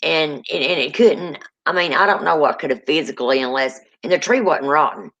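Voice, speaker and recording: A woman's voice: deep voice, brisk, fairly bright tone, muffled recording. A woman guest telling ghost stories in a rambling, folksy way. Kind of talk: casual storytelling chat.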